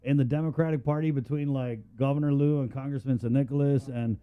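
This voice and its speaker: A man's voice: medium pitch, steady tone, fast talker, clean tone, narrow, tinny audio. A man co-hosting a morning radio show, chatting and joking in a loose, rambling way. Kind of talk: casual morning show banter.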